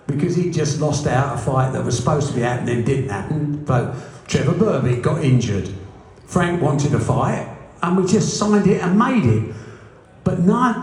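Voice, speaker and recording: A man recounting his early days as a boxing promoter, blunt and humorous. His voice rises and falls with lively energy and sits a little high. The recording is heavy with room echo. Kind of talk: anecdotal interview storytelling. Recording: echoey room.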